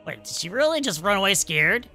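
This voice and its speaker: A woman's voice: medium pitch, big pitch swings, fairly quick, loud music behind the voice. A woman voicing a mischievous male animatronic fox who teases and plays at being creepy in a fan cartoon. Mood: sneaky. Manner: teasing, playfully creepy, sing-song.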